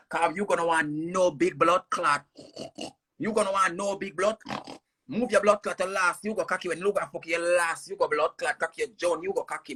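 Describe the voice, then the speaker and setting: A woman's voice: fairly low pitch, bright, forceful tone. Heated Jamaican woman on a cussing rant. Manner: repetitive, insulting, heated. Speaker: livestreamer. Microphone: phone on a screen-recorded livestream.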